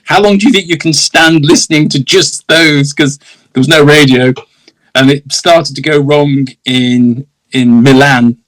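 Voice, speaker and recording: A man's voice: fairly high pitch, fairly even intonation, measured pace, fairly bright tone, low-quality recording. A middle-aged man with an English accent, a guest telling anecdotes in a casual interview, laughing often and acting out the voices in his stories.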